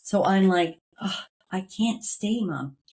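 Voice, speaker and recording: A woman, a podcast guest telling a family story in a lively way and acting out the lines of her relatives. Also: medium pitch, slow pace. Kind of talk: storytelling in an interview.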